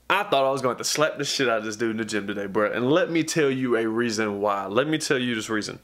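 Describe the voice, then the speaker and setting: A man's voice: quick pace, few pauses, background noise. A man, a fitness vlogger, telling a story straight to camera in a heated, profane rant that keeps circling back with "bruh.". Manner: acts out others' lines in a higher, lively voice.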